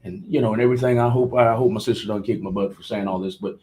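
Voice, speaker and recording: A man's voice: on the low side, fairly even intonation, quick pace, a little mellow, low-quality recording. A man hosts a local radio show. His talk is folksy and loose, and he repeats phrases as he goes.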